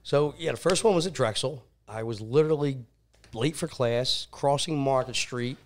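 A man's voice: medium pitch, normal speed. A man casually telling crude personal stories on a podcast, laughing often and swearing. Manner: laughing, animated anecdote teller, swears often. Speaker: podcast guest. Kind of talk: casual storytelling.

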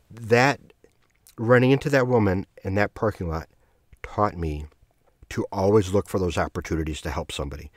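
A man hosting his own podcast, telling a personal story in a rambling, self-correcting way with soft laughs. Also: low voice, moderate pace, dry recording. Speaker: podcast host. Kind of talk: casual storytelling monologue.

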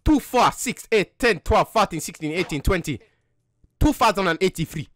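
A man's voice: high-pitched, lively intonation, moderate pace, a bit bright. A gaming YouTuber voicing an angry man with a put-on African accent, blustering and repeating threats to get his guns back. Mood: indignant. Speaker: gaming YouTuber pranking a scammer. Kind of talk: prank voice chat in online game.

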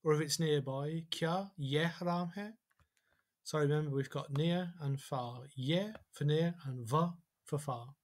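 A man teaches a language lesson at a whiteboard, and his voice sits a little on the high side. He pronounces each example phrase slowly and deliberately before explaining it. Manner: slow, careful pronunciation of example phrases.

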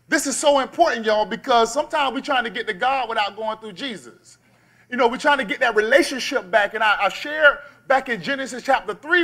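A male pastor preaching a sermon, calling on the congregation to shout back and drawing out key words. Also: extremely high pitch. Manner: call-and-response preaching, slows and stresses key words.

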